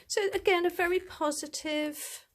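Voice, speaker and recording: A woman's voice: very high voice, steady tone, normal speed, a little hiss or hum. A woman chatting to camera as she reviews a tarot deck, gushing, rambling and full of asides.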